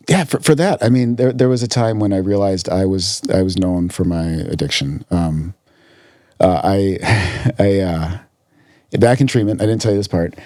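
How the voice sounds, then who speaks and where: Deep-voiced earnest man, dry sound. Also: dark tone, no echo. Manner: earnest, repeats words while searching for them. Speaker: podcast guest, physician in recovery. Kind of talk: casual conversation.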